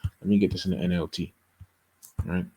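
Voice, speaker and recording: A man's voice: low voice, flat delivery, fairly quick, dark tone, a little hiss or hum, rough recording. A man teaching a bible study in a casual, conversational way, reading verses aloud and often checking in with "okay?" and "you know".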